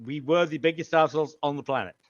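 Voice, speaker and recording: A British man in loose, profane chat, blunt and quick to mock himself. His voice sits a little high. The sound is dry and slightly muffled, like a remote line. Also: dry recording. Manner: blunt, self-mocking, swears freely. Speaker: podcast guest. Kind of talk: casual chat.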